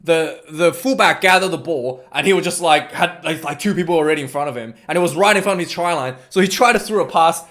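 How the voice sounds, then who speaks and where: A man giving a casual, rambling recap of a rugby match, excitable and full of asides. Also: on the high side, fast talker, hardly any pauses.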